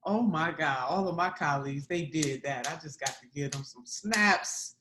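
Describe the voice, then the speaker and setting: A woman's voice: low-pitched, moderate pace, echoey room, background noise. A woman giving a rousing political speech on a video call, in a preacherly, emphatic manner, repeating phrases for effect. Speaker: guest speaker.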